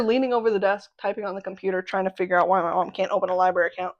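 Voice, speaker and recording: A twenty-year-old woman hosting a podcast, telling a story in a playful, self-mocking casual chat with excitable exclamations. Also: mid-range voice, very fast, few pauses, poor audio. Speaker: podcast host.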